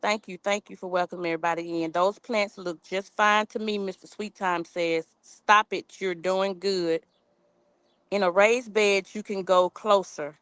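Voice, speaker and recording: A woman's voice: medium pitch, fairly even intonation, moderate pace, fairly bright tone, clean tone, dry recording. A woman hosting a gardening live stream outdoors in her backyard, chatting casually and reading viewer comments aloud. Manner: chatty, reads viewer comments aloud, informal dialect with y'all. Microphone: phone camera on a tripod.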